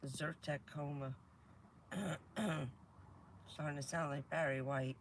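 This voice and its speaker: A woman with a hoarse, stuffy voice from a cold, chatting casually on a vanlife livestream from her van, laughing often and answering her viewers. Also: low voice, fairly even intonation, takes it slowly, a little hiss or hum. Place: inside a camper van.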